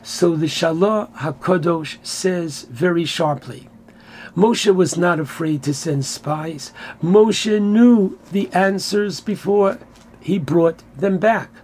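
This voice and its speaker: Rabbi type, man, high-pitched, unhurried; earnest sermon delivery with Hebrew quotes. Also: a little mellow, breathy edge. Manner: earnest, explanatory, quotes Hebrew verses then translates. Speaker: rabbi teaching Torah. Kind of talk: Torah class sermon.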